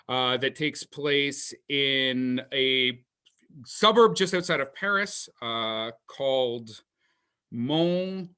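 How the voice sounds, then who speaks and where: A man's voice: mid-range voice, sharp tone. A man co-hosting a movie podcast in loose, casual talk, swearing freely and leaning on fillers as he recaps a film. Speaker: podcast co-host.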